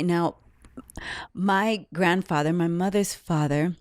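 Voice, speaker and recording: A woman's voice: on the low side, measured pace, darkish tone, dry recording, studio quality. A woman podcast host giving an earnest, reflective, faith-based talk about her own life.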